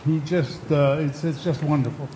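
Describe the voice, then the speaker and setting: A man's voice: on the high side, fairly even intonation, normal speed, warm tone, roomy sound, slight background noise, lightly acted. A man voicing a proud, boastful male disciple who gushes about his rabbi, told in a joke. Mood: gushing.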